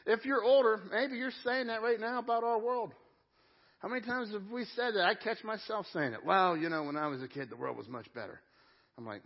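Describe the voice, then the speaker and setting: Emphatic middle-aged pastor, slightly high voice. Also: male voice, lively intonation, a little fast. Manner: conversational, emphatic, talks to congregation. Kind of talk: sermon. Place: church sanctuary. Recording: dull lo-fi sound.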